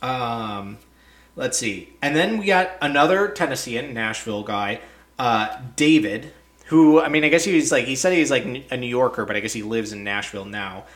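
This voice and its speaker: A man's voice: lively intonation, moderate pace, fairly bright tone. Profane, ranting young man podcaster. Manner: profane, incredulous rants that spike up in pitch. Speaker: podcast host. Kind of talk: casual recap chat.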